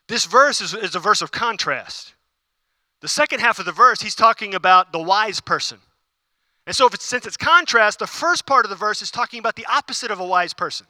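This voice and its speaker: A man's voice: high voice, expressive, brisk, bright, forceful tone, dry recording. A man preaching a sermon, emphatic and repeating key phrases, with conversational asides to the congregation. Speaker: pastor.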